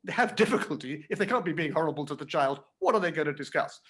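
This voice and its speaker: A man hosts a literary conversation, stepping out of a reading to comment. His voice sits fairly high and he sounds animated and amused. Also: quick pace. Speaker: host and reader.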